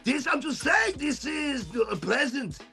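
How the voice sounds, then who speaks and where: A man putting on the voice of his older Israeli mother, loud and emphatic as she lectures about the holiday. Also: very high-pitched, very animated, unhurried, vocal fry, soft background music, voice pushed up, exaggerated voice. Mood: insistent. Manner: loud, shouty, talks with her hands.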